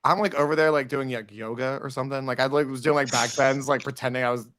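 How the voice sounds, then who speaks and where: A man telling stories in casual podcast chat, animated and campy, slipping into quoted voices. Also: mid-range voice, fast talker. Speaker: podcast guest.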